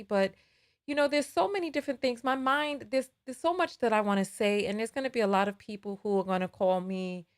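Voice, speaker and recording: A woman with a thick New York accent delivers a frank, emphatic commentary as host of her own show. She sounds tired, stumbles and restarts her sentences, and stays in an everyday mid-range register. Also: medium pitch. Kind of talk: commentary monologue.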